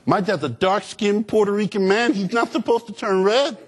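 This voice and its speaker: A man giving an energetic, humorous motivational speech to students, calling out to the crowd for answers. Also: high-pitched, moderate pace, a little hiss or hum. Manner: animated, humorous, call-and-response with audience. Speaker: motivational speaker.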